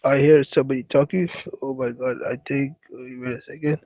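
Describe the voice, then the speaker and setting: A man's voice: medium pitch, fairly even intonation, brisk, no room sound. A man with a Pakistani accent hosting a casual livestream, rambling and pleading with guests while teasing them crudely. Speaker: livestream host. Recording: tinny phone-line sound, dry.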